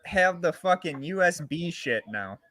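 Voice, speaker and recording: A man's voice: fairly high pitch, expressive, measured pace, crowd noise. A man in a casual chat who rants and swears heavily. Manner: heavy swearing, ranting.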